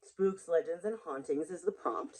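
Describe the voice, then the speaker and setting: Speaking at a moderate pace in a mid-range, slightly mellow voice, this chatty book vlogger rambles casually to the camera. They wander between ideas and laugh at their own jokes, and the built-in camera mic gives poor audio.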